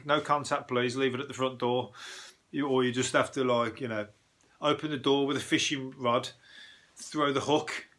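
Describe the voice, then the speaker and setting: A comedian chats loosely through the day's odd headlines, swearing freely and often losing his thread. His voice is bright and forward, pitched in an ordinary male middle range. He sounds like a man talking straight into cheap earbuds. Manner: rambling, swears a lot, loses his thread. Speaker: podcast host, comedian. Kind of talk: casual comic news chat. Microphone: cheap earbuds mic.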